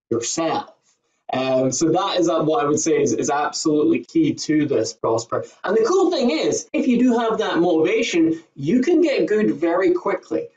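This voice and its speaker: A man's voice: high-pitched, darkish tone. A man, a presentation skills trainer, explaining with an emphatic coaching manner as a guest on a call. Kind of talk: podcast interview answers. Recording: roomy, distant, dull remote audio.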